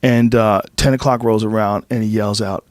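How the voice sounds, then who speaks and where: A man in his fifties from the Boston area, hosting a podcast and telling casual stories in a lively, profane way. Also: fairly low pitch, moderate pace, no echo, clean studio sound. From Boston area, USA. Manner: profane, animated storytelling with rising excitement. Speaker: podcast host. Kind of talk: casual storytelling chat. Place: podcast studio.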